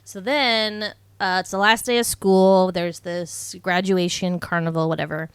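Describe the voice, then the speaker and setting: A woman's voice: fairly low pitch, fairly even intonation, a little slow, clean tone, dry recording. A young woman chatting through a movie recap on a podcast, swearing freely and peppering everything with "like" and "um". Her voice is recorded dry and close, with no room sound. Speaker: podcast co-host. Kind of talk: casual chat recapping a movie.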